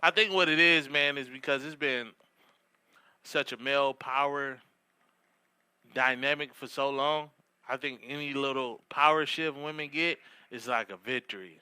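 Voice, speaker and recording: Male co-host, mid pitch, crisp and bright tone, relaxed joking banter, dry close mic. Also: moderate pace, dry recording. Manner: loose, joking, profane. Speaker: podcast co-host. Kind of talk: casual comedic banter. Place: podcast studio.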